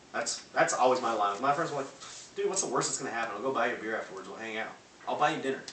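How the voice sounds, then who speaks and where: A man giving a loud, punchy sales pep talk to a live audience, acting out phone calls. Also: mid-range voice. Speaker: motivational speaker. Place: large room before a live audience. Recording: echoey hall from far off, faint noise.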